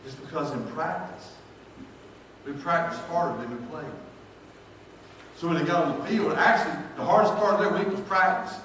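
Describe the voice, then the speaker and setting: A man's voice: fairly high pitch, normal speed, pauses often, slight background noise. A male pastor, telling folksy, joking stories in a sermon. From North Carolina, US. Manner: folksy, jokey, builds to shouted praise. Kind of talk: storytelling sermon. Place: large church sanctuary. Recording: echoey church hall from far off.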